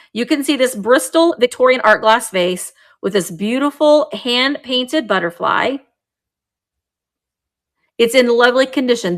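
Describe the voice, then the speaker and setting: A woman's voice: a little high, fairly bright tone. A woman hosting a live vintage sale stream, talking chattily and describing each item as she handles it. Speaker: host selling vintage items live.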